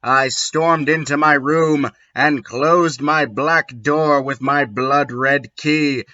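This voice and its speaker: A man's voice: on the high side, steady tone, pushed and bright, highs cut off. A man reading as a moping goth teen girl. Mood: mock-tragic. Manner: slow, emphatic mock-dramatic reading. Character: melodramatic goth teenage girl narrator.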